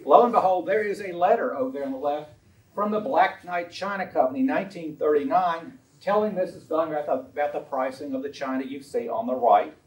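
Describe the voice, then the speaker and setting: A man's voice: a little high, brisk. A man giving an illustrated lecture on a historical collection, chatty and anecdotal, with frequent ums and uhs. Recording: roomy sound from a distant mic.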